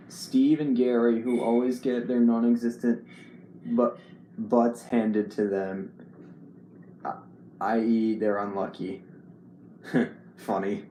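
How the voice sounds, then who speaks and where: A man chatting casually on a live stream. He talks haltingly, with frequent ums and restarts, and answers chat messages as he goes. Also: mid-range voice, dark tone, roomy sound, a little hiss or hum.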